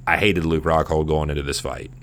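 A man in his thirties talks casual sports in a low, deep voice. He rambles and swears as he tells the story with animation. A faint hum runs under the recording. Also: flat delivery, fairly quick. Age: 30s. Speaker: podcast host.

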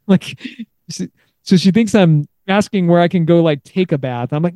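A man's voice: a little high, brisk, dry recording. A young man hosting a podcast, chatting casually and telling stories with lots of laughter and restarts. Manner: laughs often, animated storytelling with many restarts. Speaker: podcast host. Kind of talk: casual interview chat.

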